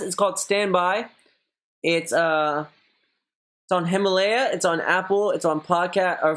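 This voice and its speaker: A man's voice: steady tone, moderate pace, fairly bright tone. A young man reading out viewer messages on a live stream and chatting back casually, rambling and swearing a lot. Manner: mocks a high gushing voice when quoting others.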